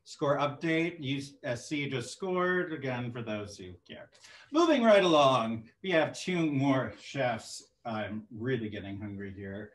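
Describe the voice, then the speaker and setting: A man's voice: mid-range voice, lively intonation, unhurried, roomy sound. A man hosting a cooking contest over a video call, chatty and jokey, with a playful, teasing way of talking. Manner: chatty, jokey, hums to himself. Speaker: host.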